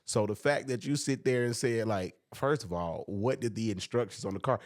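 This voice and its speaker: A man with a lowish voice talks through a scripture passage in a relaxed, preachy way. His speech is casual and full of slang while he explains each line. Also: moderate pace, no room sound, clean studio sound. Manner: preachy, reads scripture aloud, drawls with slang. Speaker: podcast co-host. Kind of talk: casual faith talk.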